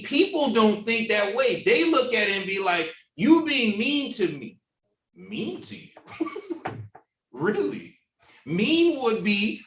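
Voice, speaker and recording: A man leads a Bible study in a casual, animated way, slipping into voices to act out what other people say. His voice sits fairly high for a man. It comes from a little way off the mic, in a room that echoes. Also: distant mic. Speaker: Bible class teacher. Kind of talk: informal Bible study discussion. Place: church classroom.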